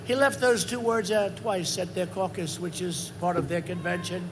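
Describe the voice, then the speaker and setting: A man in his seventies giving a rambling, repetitive campaign rally speech, swinging into loud emphasis. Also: high-pitched, fairly even intonation, normal speed, hardly any pauses, a little hiss or hum. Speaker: politician at a rally.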